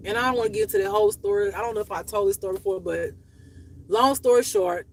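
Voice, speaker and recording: A woman's voice: medium pitch, fast, creaky. Blunt, profane woman confiding to viewers. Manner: blunt, profane and emotional, talking in bursts; raw and confessional, voice rising and dropping. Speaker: channel host. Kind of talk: unscripted personal monologue to viewers.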